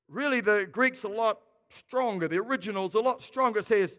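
A man preaching a sermon, expressive and dramatic, swinging between quiet asides and loud emphasis. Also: sits high, a little fast, hardly any pauses, big-room sound. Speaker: pastor.

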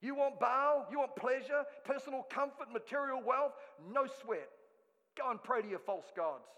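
A man voicing a mocking, exasperated God in a sarcastic, shouting manner, with long reverb behind him. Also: very high voice, very animated, moderate pace, muffled recording, exaggerated voice.

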